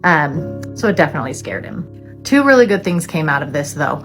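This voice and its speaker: A woman's voice: low-pitched, sing-song, fairly quick, soft background music. A woman and mother telling a candid, reflective story in a casual vlog, with frequent "um"s. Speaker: mother of deaf children.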